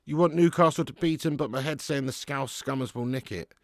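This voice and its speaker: A man hosts a live football watch-along, mixing match commentary with easy chat and reading out viewers' comments. His voice has a gravelly edge and sits dry and close to the mic. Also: medium pitch, fairly quick, no echo. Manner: chatty, reads out viewer comments. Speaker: watch-along stream host.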